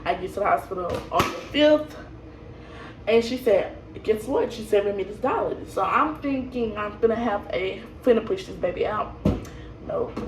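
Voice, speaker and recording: A young woman casually tells her birth story, rambling, laughing, and using many fillers and restarts. Her medium-pitched voice comes at normal speed from a distance in an echoey room, with background noise.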